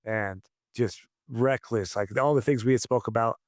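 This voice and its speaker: A man's voice: mid-range voice, moderate pace, dry recording, studio quality. A man coaching combat sports, telling stories in a casual interview, blunt and profane with many restarts.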